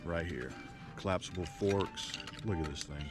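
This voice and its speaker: A man's voice: sits low, normal speed, over loud music. A man chatting casually in a show-and-tell vlog, a rambling, jokey storyteller full of playful asides. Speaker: slingshot reviewer. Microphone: action camera.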